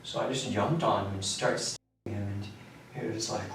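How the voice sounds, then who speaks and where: Teen male suspect, halting and quiet; distant mic, echoey room, faint hiss. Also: fairly low pitch, fairly even intonation. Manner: quiet, halting, with many fillers. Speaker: suspect under interrogation. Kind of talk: recounting events in a police interview. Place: interrogation room.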